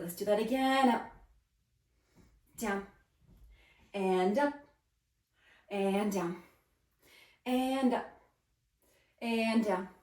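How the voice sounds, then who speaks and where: A woman with a high-pitched but darkish voice leads a follow-along ballet arm workout, counting beats and cueing moves with upbeat encouragement. The mic sits at a distance, giving a roomy sound.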